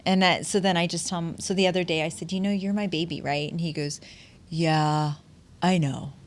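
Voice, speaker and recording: A woman's voice: lowish voice, steady tone, normal speed. Emotional middle-aged woman podcast host. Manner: emotional storytelling, laughs often, many restarts. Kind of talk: casual heartfelt conversation.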